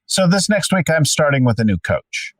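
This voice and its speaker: A man's voice: a little high, big pitch swings, normal speed, dry recording. A man in his fifties co-hosting a podcast, chatting casually in an upbeat, emphatic way. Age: 50s. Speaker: podcast co-host. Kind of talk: casual chat. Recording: dry sound, distant from the mic.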